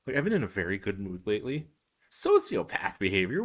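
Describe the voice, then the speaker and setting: Animated young man streaming live. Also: quick pace. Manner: animated, self-amused storyteller with laughs and squeaky pitch jumps. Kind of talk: casual live-stream chat while coding. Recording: faint music behind.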